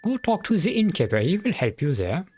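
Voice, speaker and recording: A man's voice: sits high, sing-song, brisk, darkish tone, slightly rough, voice pushed up, heavily acted. A man voicing a weary, philosophical male town sheriff, reading game dialogue aloud in a mock German accent with a friendly, musing manner. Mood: informative.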